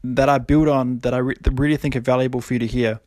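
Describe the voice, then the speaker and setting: A man's voice: mid-range voice, steady tone, fast talker, a little mellow, no echo. A young man hosting a podcast, talking casually with many fillers and frequent laughs. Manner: rambling, lots of fillers, laughs often. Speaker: podcast host.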